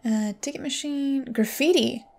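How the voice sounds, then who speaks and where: A woman's voice: high-pitched, normal speed, vocal fry, a little mellow. A woman casually commenting while playing a game, with dry, wry asides. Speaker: gameplay streamer. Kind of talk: casual let's play commentary. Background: faint game music.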